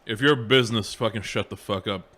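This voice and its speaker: A man's voice: fairly low pitch, fast talker, a bit bright, slight background noise. A man co-hosting a heated show, blunt and swearing constantly, often restarting his sentences. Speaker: show co-host reading chat. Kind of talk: heated profane podcast banter.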